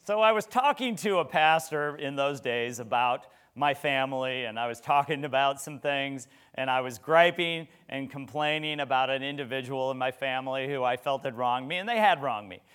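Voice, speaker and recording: A middle-aged man delivers a sermon in a loose, conversational way, firing rhetorical questions and restarting his sentences. His voice is smooth and clear and sits at an ordinary pitch for a man. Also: normal speed, hardly any pauses, fairly bright tone. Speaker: pastor.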